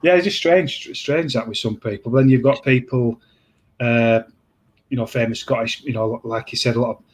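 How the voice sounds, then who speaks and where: A man hosting a casual chat, talking in a rambling, halting way with many restarts. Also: mid-range voice. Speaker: host.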